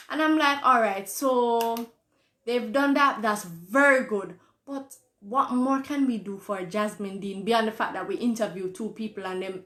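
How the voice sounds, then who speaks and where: A Jamaican woman hosts a live-stream show, reading viewer comments and answering them in an earnest, conversational tone. Her voice sits fairly high, and she repeats phrases for emphasis. The room around her adds a noticeable echo. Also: a bit bright. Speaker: host. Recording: roomy echo.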